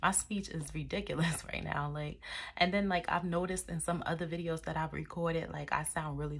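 A woman's voice: low voice, steady tone, normal speed, slightly rough. A young woman doing a casual tarot reading, chatty and laughing, swearing now and then, recorded on a phone camera in a dim room. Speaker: tarot reader.

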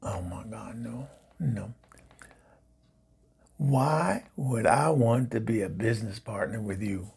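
Guy doing a raspy lady on the phone, sassy, fed up, stammery comedy bit. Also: lowish voice, expressive, slow pace, pauses often, a little mellow, full character voice. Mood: exasperated. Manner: exasperated, sassy put-downs, flustered stammering. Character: sassy Southern divorced woman, much-married, sharp-tongued. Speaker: comedy show regular. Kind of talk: comedic phone-call monologue.

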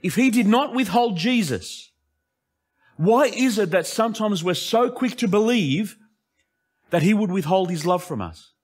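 Man, pastor, sermon, high voice, very expressive pitch, impassioned, drops to hushed tones. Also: a little slow, husky. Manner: impassioned, swinging between emphatic lines and hushed asides.

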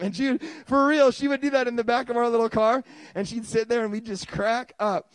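A man in his thirties preaching a sermon as pastor, telling stories with lively restarts and bursts of excitement. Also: very high-pitched, quick pace, few pauses, dry recording. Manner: animated storytelling with many restarts.

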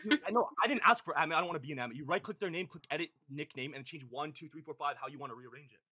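Rapid-fire teasing man in his thirties. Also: a little high, sharp tone, breathy edge, dry recording. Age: 30s. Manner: teasing, rapid, talks over others. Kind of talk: casual group chat on a voice call.

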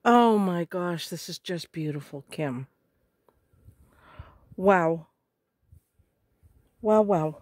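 Gushing woman crafter, slow-spoken. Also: lowish voice, a little mellow, no echo, studio quality. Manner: gushing, gasping, frequent exclamations. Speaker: crafter on a design team. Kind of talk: casual unboxing vlog.

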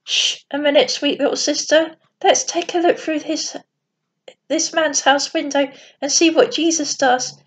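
A woman's voice: sits high, fairly even intonation, a little slow. Woman reading a bold, earnest twelve-year-old girl. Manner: earnest, sometimes stern. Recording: dull lo-fi recording.

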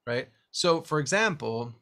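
A man teaching a guitar lesson one-on-one, explaining technique as he demonstrates, swinging between lively stressed phrases and quiet asides. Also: fairly high pitch, measured pace. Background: guitar strumming.

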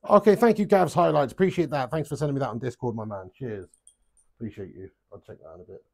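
A young man with a gravelly mid-range voice talks fast as he hosts a live webcam darts stream. The chat is casual and jokey, peppered with swearing and plenty of "lad" and "mate" aimed at viewers.

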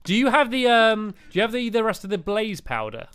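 A man's voice: high voice, very animated, fairly quick, a bit bright, smooth. A man hosting a casual gameplay video, chatty and upbeat, laughing often as he plays. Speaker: gaming video host.

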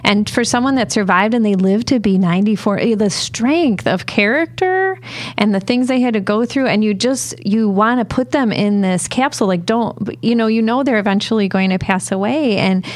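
A woman's voice: medium pitch, normal speed, no room sound. A woman co-hosting a talk show, speaking in an emotional, effusive way. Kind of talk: casual studio chat.

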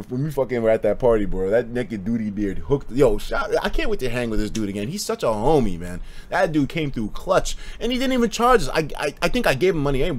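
A young man streaming, telling stories in a casual, animated way and laughing often. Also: mid-range voice. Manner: animated storytelling with frequent laughter and profanity.

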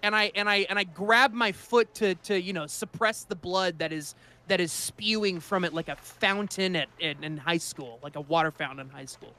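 A man's voice: high-pitched, moderate pace, pushed and bright. A man playing in an improvised tabletop game, rambling comically through his character's actions. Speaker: guest player. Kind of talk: improvised tabletop role-play.

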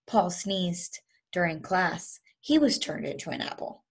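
A woman teacher reading a children's storybook aloud to her students, in a lively, expressive way. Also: on the low side, a little slow, slightly rough.

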